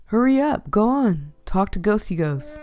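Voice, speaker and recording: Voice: medium pitch, big pitch swings, unhurried, darkish tone, faint music behind, voice pushed up. A woman voicing a cheeky, pun-loving boat companion in a visual novel, with a bouncy and teasing delivery in a raised voice.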